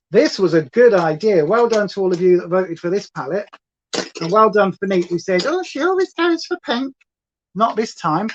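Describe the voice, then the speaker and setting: A woman hosting a chatty makeup livestream, rambling playfully and reading chat aloud. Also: fairly low pitch. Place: at home. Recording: slightly dull lo-fi sound.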